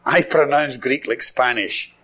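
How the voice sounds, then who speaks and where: Scottish guy preaching, slow and bright, chuckles a lot, repeats stuff for emphasis. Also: mid-range voice, breathy edge. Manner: enthusiastic, repeats words for emphasis, chuckles often. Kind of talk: sermon.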